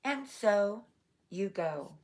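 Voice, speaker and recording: A gruff grizzly bear godfather from a storybook, put on by a woman. He growls out short, broken caveman phrases, slow and blunt. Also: medium pitch, expressive, darkish tone, exaggerated voice. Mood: solemn.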